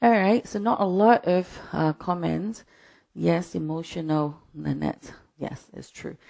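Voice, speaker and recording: A woman's voice: sits low, measured pace, gravelly, warm tone. A woman teaching a line dance from home, calling out steps and counts in short bursts and often checking in with "okay?". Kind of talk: dance lesson with counted cues. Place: her own home. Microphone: streaming setup.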